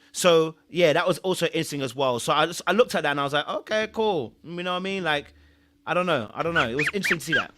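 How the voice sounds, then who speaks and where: Man, live-stream recap host, chatty and repetitive, higher pitch, bright forceful tone. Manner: chatty, repeats himself, thanks viewers often; earnest advice-giving. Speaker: show host reviewing a reality series.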